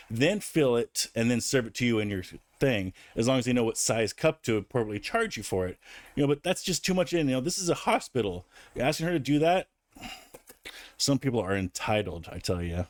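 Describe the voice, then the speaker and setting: A man's voice: medium pitch, no room sound. A man casually telling a rambling personal anecdote, with frequent restarts and fillers. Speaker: vlogger. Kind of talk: casual storytelling.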